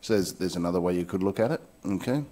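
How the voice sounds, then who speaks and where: A man with a low, warm voice talks fast in a video, furiously ranting and cursing bluntly about the crypto market. Afterward he goes through chart analysis, combining angry rant and chart commentary.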